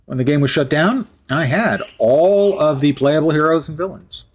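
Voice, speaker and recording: A man's voice: fairly high pitch, expressive, normal speed. A man live-streaming a game, chatting in a rambling, self-deprecating way. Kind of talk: live gameplay commentary.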